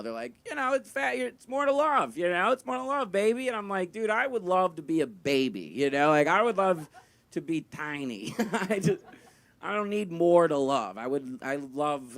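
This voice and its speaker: A young man doing a stand-up comedy set, with a high, thin voice, rambling and self-deprecating, full of fillers. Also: fairly bright tone. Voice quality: high, thin voice he calls dumb. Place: comedy venue with live audience.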